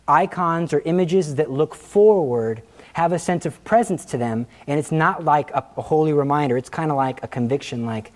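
Animated, storytelling male teacher. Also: fairly high pitch, normal speed. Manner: animated storytelling, laughs at own jokes, acts out quotes. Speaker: religion class teacher. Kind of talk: anecdotal classroom talk.

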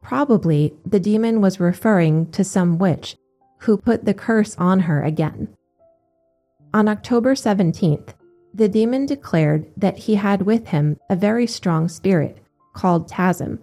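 A woman giving a steady, measured scripted narration of religious accounts. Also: mid-range voice, soft background music.

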